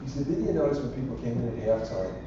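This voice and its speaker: A man's voice: mid-range voice, big pitch swings, quick pace, background noise. An older man, a university president, answering student questions in a rambling, anecdotal way that drifts into jokes. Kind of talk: casual public Q&A. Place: large lecture hall. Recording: echoey hall from far off, dull and lo-fi.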